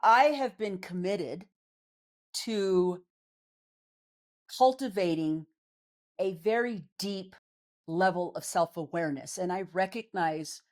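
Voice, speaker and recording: A woman's voice: fairly low pitch, takes it slowly, long pauses. A woman psychologist and life coach speaking in a conversational interview, earnest and candid, with a reassuring way of explaining things. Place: on camera.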